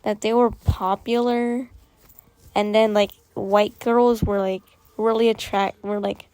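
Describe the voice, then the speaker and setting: A woman's voice: medium pitch, level tone, slow, a little mellow, clean tone, no room sound. A young woman vlogger giving rambling, sarcastic commentary, full of fillers and restarts. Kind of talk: casual commentary.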